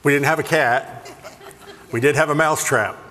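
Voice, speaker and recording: A man preaching with a bright, forceful voice that rings through a big hall with long reverb. He tells jokey, self-deprecating stories in an animated way. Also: a little high, normal speed. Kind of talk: humorous sermon storytelling.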